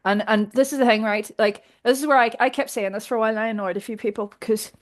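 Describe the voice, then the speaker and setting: Northern Irish woman, guest, direct and animated, fairly high voice. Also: quick pace. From Northern Ireland. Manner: direct, animated, laughs often while telling stories. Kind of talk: casual conversation.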